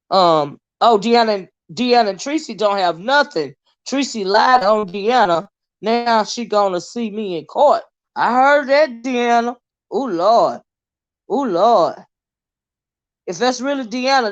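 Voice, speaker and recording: A woman hosting a casual livestream, chatting about online drama with lots of asides to her viewers. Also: a little high. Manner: chatty, animated, drawling asides. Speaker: YouTube commentary host. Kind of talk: casual livestream gossip commentary. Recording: dull lo-fi livestream audio.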